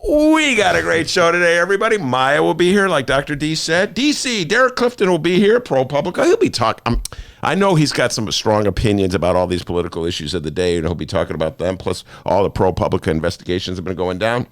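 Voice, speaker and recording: A man hosting a political talk show, ranting about the news in a sarcastic, animated way. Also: medium pitch, quick pace, dry recording. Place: studio.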